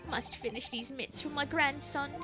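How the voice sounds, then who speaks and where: A woman's voice: high voice, moderate pace, music in the background, lightly acted. A woman voicing a chatty old grandmother juror who knits, sweet and a bit doddering. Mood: cosy.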